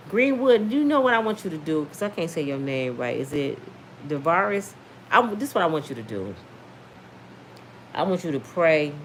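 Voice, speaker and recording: A middle-aged woman talks through a casual commentary stream in a sassy, animated way. Her pitch sits on the high side and jumps up and down a lot. A faint hiss runs under the recording. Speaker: livestream host reading viewer comments.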